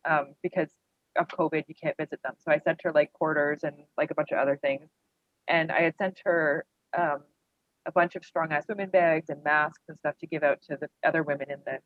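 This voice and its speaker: A woman's voice: on the low side, no echo. Candid woman guest, rambling storyteller, thin phone-line audio. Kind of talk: personal storytelling interview. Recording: dry tinny phone-like line.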